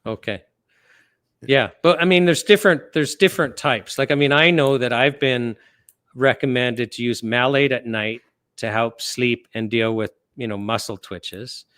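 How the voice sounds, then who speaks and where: A man's voice: medium pitch, normal speed, a bit bright, clear, resonant tone, dry recording, clean studio sound. A man who is a guest on a live stream, talking casually with hesitations and self-corrections.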